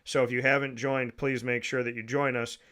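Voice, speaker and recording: A man's voice: mid-range voice, flat delivery, brisk, a bit bright. A man hosting a casual sports talk show, upbeat, chatty and sincere.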